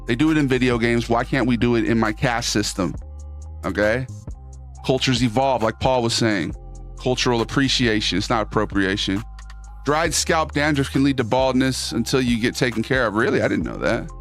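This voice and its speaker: A man chatting loosely on his live stream, reading the chat and jumping into quick silly voices. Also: mid-range voice, soft background music.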